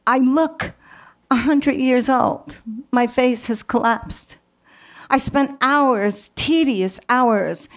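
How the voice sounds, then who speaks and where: A woman with a New York accent tells a personal story in an unhurried, deliberate way. Her voice sits a little high, and she leans on pauses and repeated words for effect. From Brooklyn, New York. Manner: slow, dramatic pauses and repetitions.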